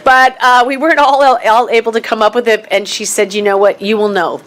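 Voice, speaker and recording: A woman's voice: fairly high pitch, fairly even intonation, brisk, fairly bright tone. A middle-aged woman giving a rambling, emotional eulogy at a memorial gathering, laughing through tears. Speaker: memorial speaker. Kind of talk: personal eulogy.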